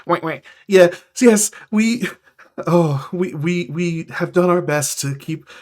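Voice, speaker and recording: A man's voice: mid-range voice, steady tone, a little slow, close to an everyday voice. A man voicing a timid, nervous male celestial with wings, who stammers and trips over his words. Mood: eager. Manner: stammering, jittery and skittish.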